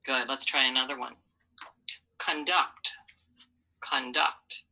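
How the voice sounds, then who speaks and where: A woman teacher leads a phonics lesson for children at a very unhurried pace. Her low voice has a bright, slightly husky edge. She sounds out letters and syllables and cheers the kids on patiently. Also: fairly even intonation, poor audio.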